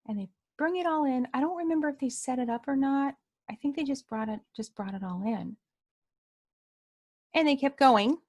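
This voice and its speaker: High-pitched woman, casual spoken testimony, animated, acts out the quoted voices. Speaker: storyteller sharing a personal testimony.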